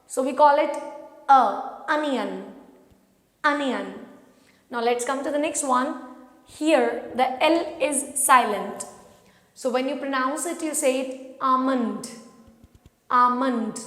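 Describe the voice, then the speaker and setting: Slow, high-voiced woman teacher. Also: a bit bright. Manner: patient, repeats each word for learners to echo. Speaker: English pronunciation teacher. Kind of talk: slow, drilled pronunciation lesson. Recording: echoey room with long reverb.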